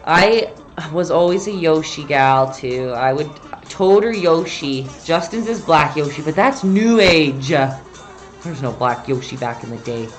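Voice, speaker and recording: A woman with a low voice and lively intonation hosts a relaxed painting tutorial livestream at a measured pace. She chats, reads viewer comments aloud, and cuts herself off mid-sentence, with faint music in the background.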